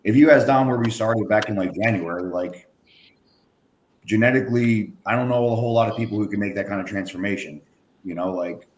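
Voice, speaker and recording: A man's voice: on the low side, fairly quick. A man, a coach, chatting casually in a loose way, full of "like" and "you know.". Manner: loose, filler-heavy, lots of "like". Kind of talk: casual chat. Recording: roomy audio with faint background noise.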